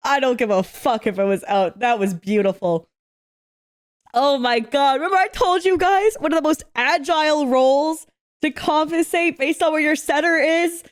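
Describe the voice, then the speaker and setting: A young woman hosts an anime reaction, talking casually in a high voice at a moderate pace. She swears freely and shouts at the screen in excitement.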